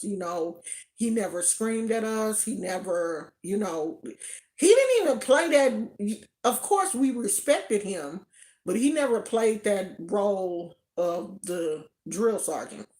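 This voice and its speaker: A woman from California telling a personal story in a casual, animated way, often laughing. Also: on the high side. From Oakland, California. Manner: animated, laughs often, acts out quoted voices.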